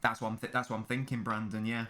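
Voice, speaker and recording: A young man streams a live football watchalong, bantering casually with his viewers and swearing freely. His voice is fairly low and flat, his tone sharp, and he talks fast.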